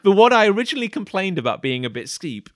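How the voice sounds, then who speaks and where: A man's voice: sits high, very animated, fast talker, no echo. Man spinning a rambling story. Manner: rambling anecdote with stammered restarts and acted quotes. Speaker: podcast co-host. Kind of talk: casual chat, storytelling.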